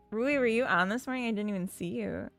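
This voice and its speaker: This woman's voice sits on the high side and is a bit bright. She streams while working on her game code, chatting casually and unhurriedly with viewers and reading out their comments.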